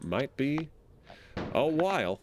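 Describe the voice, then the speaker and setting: A man's voice: a little high, sing-song, slow pace, noisy background. A man streaming a game, rambling casually and playfully and making silly sound effects between thoughts. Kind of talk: casual gameplay commentary.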